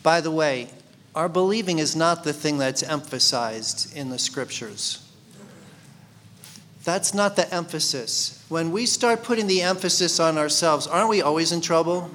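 A man's voice: fairly high pitch, a little slow, a bit bright, a little hiss or hum. A man teaching a Bible study sermon in a conversational way, asking his listeners questions. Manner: conversational, asks the congregation questions.

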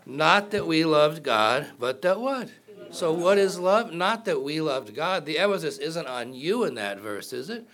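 A man's voice: on the high side, sing-song, measured pace, fairly bright tone. A man preaching a sermon in a conversational way, asking the congregation questions and cracking jokes. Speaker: pastor.

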